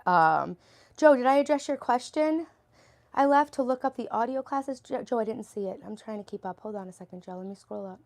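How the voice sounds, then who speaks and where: A woman's voice: fairly high pitch, lively intonation, brisk, gravelly, darkish tone. A middle-aged woman livestreaming from home, chatting casually and answering viewer comments as she goes. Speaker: livestreaming vlogger mom. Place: at home, cluttered room.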